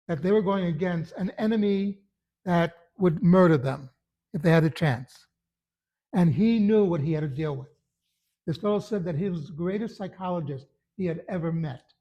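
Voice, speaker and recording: A man's voice: high voice, muffled recording. A man who is a religious teacher, giving a short Torah talk in an earnest, emphatic storytelling manner.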